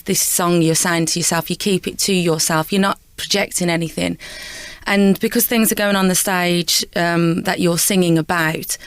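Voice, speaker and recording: A bubbly woman in her thirties talks as a guest on a radio show, laughing and animated as she tells backstage stories. Her voice is a little low for a woman. The sound is close and dry. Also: no echo. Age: 30s. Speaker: guest, stage actress and singer. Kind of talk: chatty interview.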